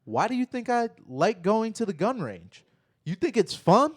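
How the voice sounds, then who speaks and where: A man co-hosting a casual live chat, telling stories in a profane, animated way. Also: sits high, moderate pace, no room sound, clean studio sound. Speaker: podcast co-host.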